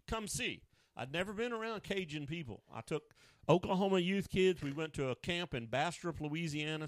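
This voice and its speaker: A man's voice: fairly high pitch, no room sound. A male pastor preaching a down-home radio sermon, telling stories in casual, colloquial speech. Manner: down-home storytelling, colloquial grammar.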